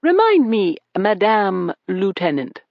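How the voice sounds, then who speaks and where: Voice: very animated, slow, no room sound, heavily acted. A reader voicing a suave British club owner. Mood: smooth, evasive. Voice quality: deep. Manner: polite, smooth, evasive. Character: suave male club owner, cheerful, evasive. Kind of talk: audiobook character reading. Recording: dull dry recording.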